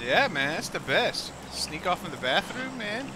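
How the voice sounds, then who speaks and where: A man hosting a gaming video, chatting loudly and joking with his friends. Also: sits high, sing-song, moderate pace. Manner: rowdy, joking, laughs often. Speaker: gaming channel host. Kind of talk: casual gaming chat with friends.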